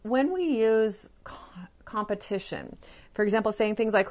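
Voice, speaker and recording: A woman's voice: medium pitch, animated, normal speed, a little mellow. Woman hosting a parenting podcast. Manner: acts out children's lines in example scenarios. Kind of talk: solo podcast talk.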